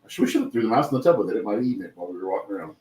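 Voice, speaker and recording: A man in his forties with a very deep voice who talks quickly. He tells his stories in a relaxed way, and the room adds a clear echo. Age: 40s. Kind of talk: casual chat. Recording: roomy echo.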